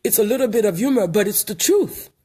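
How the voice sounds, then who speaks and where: A man from Haiti holds forth in a backyard monologue. His voice sits high, and he hammers points home through repetition, like a street preacher. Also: lively intonation, brisk, dark tone, breathy edge. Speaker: online commentator. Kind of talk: outdoor monologue. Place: backyard outdoors.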